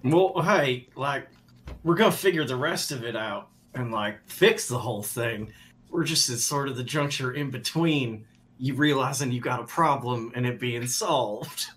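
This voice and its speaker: A man's voice: medium pitch, a little slow, a bit bright. Wry, easygoing male player. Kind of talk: casual in-character talk.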